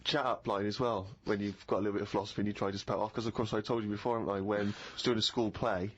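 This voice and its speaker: A man's voice: on the low side, steady tone, racing, slight background noise. A middle-aged man co-hosting a casual podcast, explaining ideas at length and telling self-mocking stories. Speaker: podcast co-host. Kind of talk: casual chat. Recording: slightly dull podcast audio.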